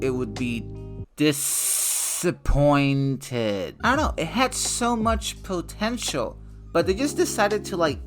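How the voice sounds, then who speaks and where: A young man talks through a movie review in a loose, rambling way, swearing freely and leaning on filler words. His voice sits a little high for a man. Soft guitar music plays faintly behind him. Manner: loose and profane, full of "like" fillers. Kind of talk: casual spoken review.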